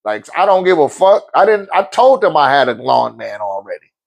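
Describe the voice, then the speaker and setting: A man's voice: a little high, moderate pace, gravelly, muffled recording. A man hosting a casual Q&A, telling a story bluntly with lots of swearing and frequent laughter. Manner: blunt, profane, laughs often, lively swings. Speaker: host.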